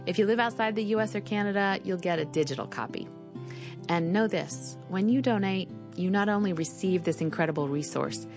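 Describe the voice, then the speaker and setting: A woman hosting a ministry program, reading a scripted outro and donation appeal in a friendly announcer manner. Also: fairly low pitch. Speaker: radio program host. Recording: music bed under the voice.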